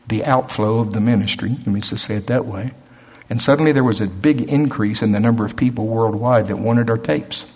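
A man's voice: mid-range voice, darkish tone, husky. An older man preaching a sermon, telling stories in a folksy way and acting out the voices of others.

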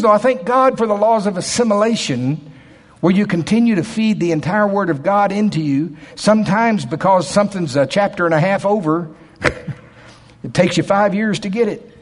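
Male preacher, folksy and emphatic, quiet asides to shouted peaks, higher voice, long hall reverb. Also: animated, normal speed. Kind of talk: sermon.

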